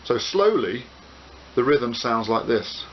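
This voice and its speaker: A man giving a ukulele lesson in a relaxed, explanatory way, counting beats and calling out chords as he plays. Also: mid-range voice, slow pace, loud music behind the voice. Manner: relaxed explanatory, with frequent "uh" fillers. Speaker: ukulele teacher. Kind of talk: instructional tutorial, counting and calling chords while playing. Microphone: camcorder microphone. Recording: dull hissy camcorder audio with loud ukulele. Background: ukulele playing.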